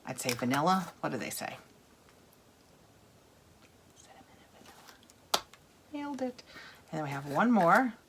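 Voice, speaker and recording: A woman in her thirties with a low voice, chatting casually as she unboxes items on camera. She gushes, laughs easily and slips into soft whispers while sniffing things. A faint hiss of noise sits under her voice. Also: big pitch swings, brisk. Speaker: unboxing vlogger.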